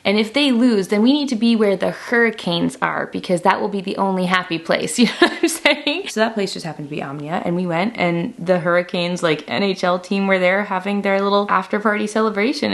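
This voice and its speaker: A bubbly young woman from Canada chatting to camera, her voice worn from screaming. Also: mid-range voice. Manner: bubbly, chatty, lots of "like" and "oh my gosh". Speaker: beauty vlogger. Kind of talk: casual chat to camera.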